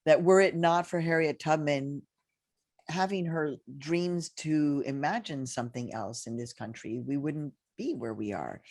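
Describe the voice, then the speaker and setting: A woman's voice: deep voice, animated, measured pace, a little mellow, no echo, clean studio sound. A woman moderating a panel discussion over a video call, speaking in a reflective, personal way with fillers and restarts.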